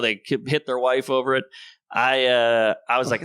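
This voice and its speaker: A man, a comedian, talking in a casual podcast conversation and telling animated stories, acting out the voices of people he quotes. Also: mid-range voice, quick pace, clean tone, dry recording, clean studio sound. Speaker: comedian guest.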